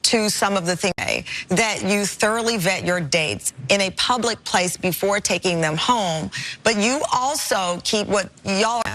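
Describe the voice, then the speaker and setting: A woman hosting a live daytime talk show in a TV studio, energetic, conversational and sincere as she welcomes viewers and questions her guests. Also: medium pitch, a little slow.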